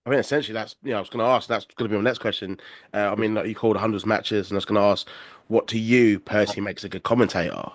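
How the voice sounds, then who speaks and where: Quick man hosting a podcast. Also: lowish voice, steady tone, dry recording. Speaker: podcast host. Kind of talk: casual interview talk.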